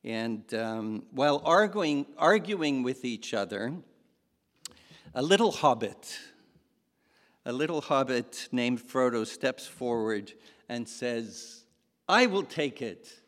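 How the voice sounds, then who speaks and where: A male pastor delivers his sermon at an unhurried pace. He tells the story haltingly and gives the quoted lines their own dramatic voice. His words ring out with a long hall reverb, as in a church. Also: mid-range voice, animated.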